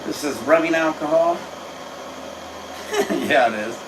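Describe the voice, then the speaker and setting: A mid-pitched man with a gravelly, fried texture chats loosely on a home livestream. He rambles, curses casually and keeps an easygoing tone. The sound is roomy and echoey, with a faint hiss behind it. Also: brisk. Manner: rambling, laid-back, swears casually. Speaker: livestream host. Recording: echoey room, faint background noise.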